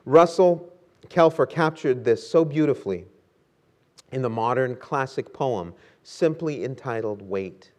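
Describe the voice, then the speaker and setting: A man's voice: mid-range voice, expressive, unhurried, a little mellow. Earnest male preacher giving a sermon. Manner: earnest, rising to emphatic exhortation.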